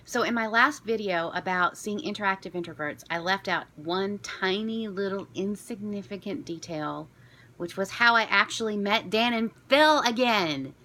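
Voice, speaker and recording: A woman from Florida telling a story to camera in a chatty, self-deprecating, excitable way. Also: medium pitch, normal speed. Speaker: vlogger.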